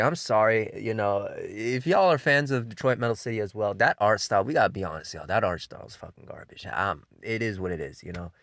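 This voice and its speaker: A man casually hosting an anime countdown, talking in a loose, enthusiastic way, swearing freely and filling pauses with um and you know. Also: fairly low pitch, fairly bright tone, no echo, studio quality. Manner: laid-back and enthusiastic, with frequent swearing; loose delivery full of fillers like um and you know. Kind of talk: casual spoken countdown commentary.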